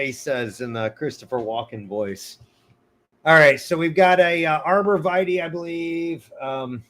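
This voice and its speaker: A man's voice: medium pitch, a bit bright. A man hosts a loose live Q&A about trees, talking to viewers directly. He slips in groan-worthy puns and laughs at his own jokes. His voice sits in the middle range for a man. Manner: joking, punny, laughs often. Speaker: arborist hosting a live Q&A. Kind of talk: casual livestream Q&A.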